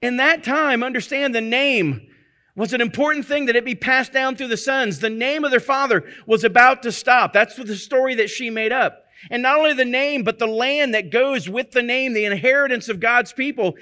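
A man's voice: very high voice, moderate pace, sharp tone. A man teaching from the Bible in a conversational sermon, often checking in with his listeners through rhetorical questions. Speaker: preacher.

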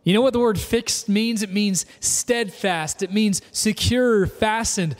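A man's voice: sits high, unhurried. A man preaching as a pastor, earnest and emphatic, repeating phrases as he builds his points. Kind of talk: sermon. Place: church service, filmed. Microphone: camera. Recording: long hall reverb.

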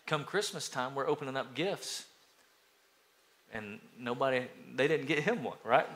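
Middle-aged man from East Tennessee, pastor delivering a sermon; bright tone, slightly high-pitched, storytelling. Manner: storytelling, acts out children's voices, lively.

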